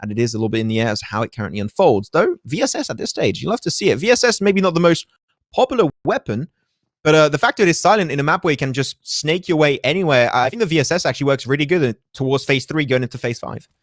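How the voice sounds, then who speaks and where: A male esports caster rattles through live play-by-play at a fast clip, his voice sitting a little high. He talks into a headset with a dry, close sound and tosses in quick jokes between calls. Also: dry recording. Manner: fast, energetic, joking asides.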